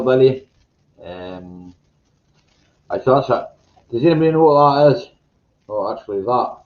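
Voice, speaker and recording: A man hosting a casual live chat, greeting viewers by name in a slow, meandering way and chuckling to himself. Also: medium pitch, muffled recording. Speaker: live stream host. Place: home room with green screen.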